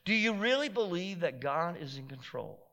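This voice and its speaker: A pastor preaching a sermon in an emphatic, repetitive way that builds to shouted peaks. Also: male voice, high voice, very animated, normal speed.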